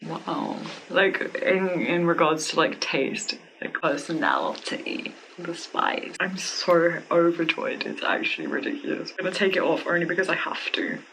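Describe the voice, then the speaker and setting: A woman vlogging a casual product review at home, gushing and excitable, with many "like" fillers and frequent giggles. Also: on the low side, normal speed, creaky, few pauses, slight background noise, rough recording. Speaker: beauty vlogger reviewing a wig.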